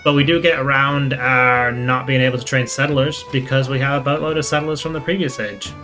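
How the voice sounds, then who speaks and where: A man hosts a strategy game playthrough and reads the game's text aloud in an even, matter-of-fact way. He breaks off now and then for casual asides. His voice is bright and crisp at a middle pitch, with soft guitar music in the background. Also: fairly quick. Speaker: gaming channel host.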